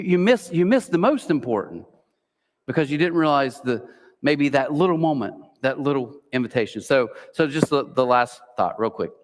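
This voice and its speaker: A man in his forties, a pastor giving a conversational sermon full of personal stories, rambling casually and saying "like" and "literally" a lot. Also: a little high. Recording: long reverb of a church hall.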